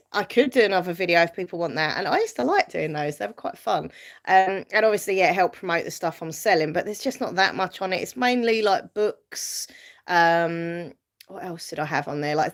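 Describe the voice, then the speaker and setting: Her voice sits on the low side, animated and delivered at a moderate pace. She's a YouTuber on a live stream, reading out viewer comments and answering them in a loose, rambling way, sprinkled with fillers and soft laughter.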